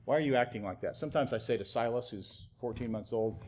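A young adult pastor preaches a sermon on parenting, talking fast at a medium pitch. His delivery is animated, punctuated by mocking, acted-out quotes of parents.

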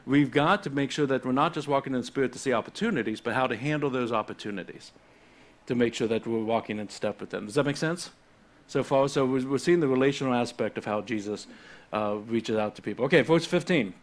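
A man's voice: medium pitch, fast talker. Man teaching a conversational sermon. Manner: conversational, animated, with frequent restarts. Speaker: pastor.

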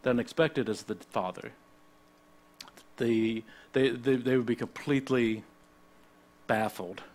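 A man's voice: mid-range voice, measured pace, darkish tone. A middle-aged man preaching a sermon in a conversational way, with personal asides and frequent restarts. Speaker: pastor.

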